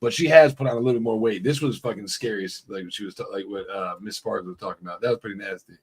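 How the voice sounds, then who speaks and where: Male co-host, swears constantly, animated gossip. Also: lowish voice, quick pace, slight background noise. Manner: profane, animated storyteller. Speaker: podcast co-host. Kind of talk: casual chat.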